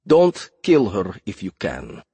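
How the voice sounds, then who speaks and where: A man's voice: low voice, huge pitch swings, slow pace, warm tone, husky, no room sound, full character voice. A man voicing a confident, taunting male warrior with a monstrous hunger.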